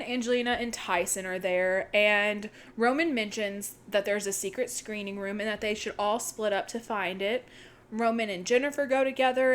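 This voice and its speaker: A young woman co-hosting a podcast, excitedly retelling a movie's plot in casual chat and swearing freely. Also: medium pitch. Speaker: podcast co-host.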